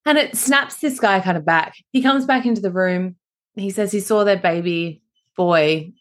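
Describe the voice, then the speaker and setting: Chatty, expressive woman podcaster. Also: lowish voice. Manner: chatty and expressive, quick to laugh. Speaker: podcast co-host. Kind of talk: casual chat recapping a TV show.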